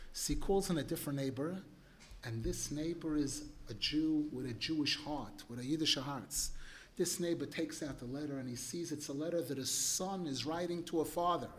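A man as religious teacher giving an animated storytelling sermon, emphatic and clearing his throat now and then. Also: a little high, moderate pace, a little hiss or hum.

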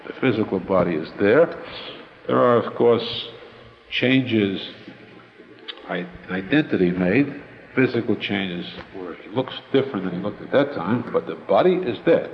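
A man giving a Torah lecture as a rabbi, explaining slowly with many pauses and restatements. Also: lowish voice, long reverb tail, dull audio, a little hiss or hum.

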